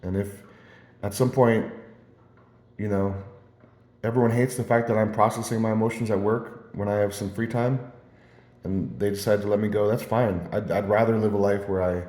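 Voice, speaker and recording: A man rambling through personal stories in a casual monologue, halting and repeating words as he restarts his sentences. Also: on the low side, fairly even intonation, mellow. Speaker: vlogger. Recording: roomy echo.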